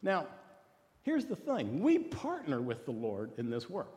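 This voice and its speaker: A man preaching a sermon in an animated, conversational way, asking the listeners rhetorical questions. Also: a little high, a little slow, big-room sound. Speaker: pastor.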